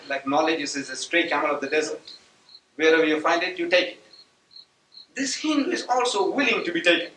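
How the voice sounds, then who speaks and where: A man's voice: fairly high pitch, bright, forceful tone, slight background noise. A man whose first language is Gujarati, giving a religious lecture with rhetorical questions and sudden emphatic outbursts. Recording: echoey hall taped from a distance.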